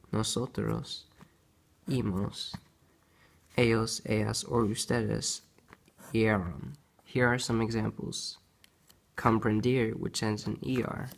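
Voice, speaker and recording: A young man reads a school grammar lesson aloud, moving slowly and carefully through lists of verb forms. His voice sits a little low and has a gravelly, husky edge. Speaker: student presenter.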